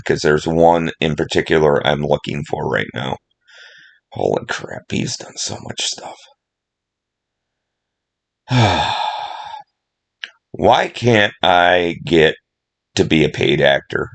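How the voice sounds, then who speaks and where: Middle-aged man, very deep voice, unhurried; rambling casual movie chat, emotional, lots of ums. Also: creaky. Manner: rambling, emotional, chatty with many fillers. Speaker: movie vlogger.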